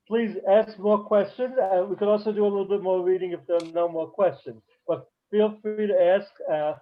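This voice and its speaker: A man's voice: high-pitched, fairly even intonation, normal speed, muffled recording. A man teaching a beginners' Hebrew class online, explaining patiently with frequent fillers.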